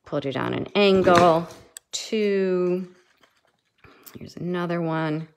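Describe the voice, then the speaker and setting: Low-voiced woman teaching a craft. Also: takes it slowly. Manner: chatty, restarts often, thinks aloud while working. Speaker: papercraft instructor. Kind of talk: casual craft tutorial.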